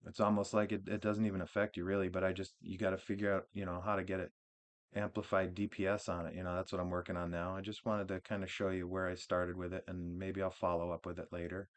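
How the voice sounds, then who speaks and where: Low-voiced man rambling through a game build. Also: fast talker. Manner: relaxed, rambling, with frequent restarts and fillers. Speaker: gaming channel host. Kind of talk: casual game build walkthrough.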